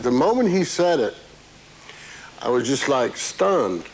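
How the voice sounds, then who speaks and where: A man's voice: mid-range voice, sing-song, slow pace, slight background noise, low-quality recording. Man vividly recounting a memory. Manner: vivid personal recounting with restarts. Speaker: interviewee. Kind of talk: casual recollection in interview.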